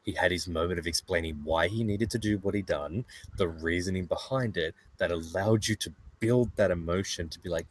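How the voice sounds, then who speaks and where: A man as a guest in a casual chat, relaxed and enthusiastic. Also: sits low, fairly quick, hardly any pauses, husky. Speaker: podcast guest.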